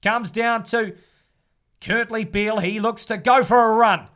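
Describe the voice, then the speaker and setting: A man doing casual live play-by-play rugby commentary, brisk and chatty. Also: sits high, steady tone, fairly bright tone. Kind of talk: live fan sports commentary.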